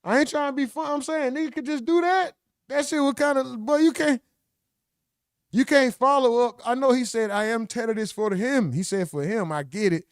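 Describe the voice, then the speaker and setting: A man doing live reaction commentary on a stream, loud, excitable and profane. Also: extremely high pitch, moderate pace, clear, resonant tone, no echo, studio quality.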